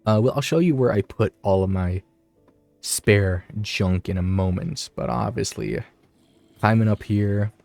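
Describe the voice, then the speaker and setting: A young man giving casual, rambling commentary while touring his game world, often breaking off in excited asides. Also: on the low side, unhurried, creaky, dry recording, faint music behind. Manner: rambling, self-interrupting, easily excited. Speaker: gaming video creator.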